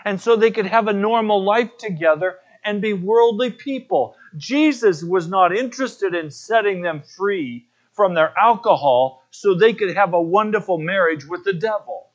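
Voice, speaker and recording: A man's voice: sits high, moderate pace, few pauses, muffled recording. A man preaching a sermon as pastor, telling personal stories in an earnest way.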